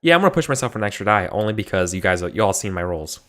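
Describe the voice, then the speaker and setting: A man with a Californian accent and a fairly low voice, rambling through his turn in a tabletop game. He restarts often and laughs along with the others as he talks. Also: big pitch swings, very fast, a bit bright. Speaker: player. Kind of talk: casual tabletop play.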